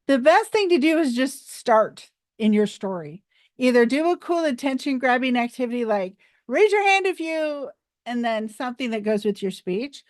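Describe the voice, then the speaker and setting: A woman with a fairly high voice teaches storytelling to camera, upbeat and animated, with a playful streak. The sound is dry and close, with no room echo. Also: normal speed. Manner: animated, playful, laughs at herself. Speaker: public speaking coach. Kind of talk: instructional talk to camera.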